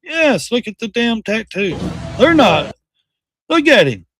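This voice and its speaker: A middle-aged man hosting a casual livestream, reacting to videos with loud, blunt, slangy commentary. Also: very high-pitched, sing-song, slow pace, soft background music. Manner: loud, blunt, slangy, mocks and quotes the clips.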